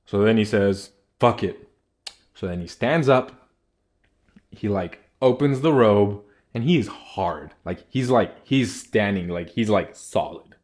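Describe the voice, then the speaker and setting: A man's voice: on the low side, animated, unhurried, a little mellow. A young man telling a rambling casual story, packed with filler words.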